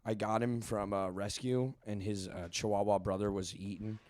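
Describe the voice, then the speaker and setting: A man co-hosting a podcast in casual chat, joking and quick to laugh, swearing freely. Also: on the low side, level tone, a little mellow, no room sound, clean studio sound. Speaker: podcast co-host. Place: podcast studio.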